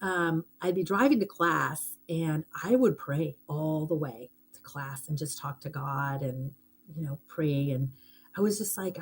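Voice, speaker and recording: Low-voiced woman chatting on a live stream. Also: unhurried, slightly rough. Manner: rambling and heartfelt, thanks viewers for gifts. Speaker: hypnotist hosting a live stream. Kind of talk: casual live-stream chat.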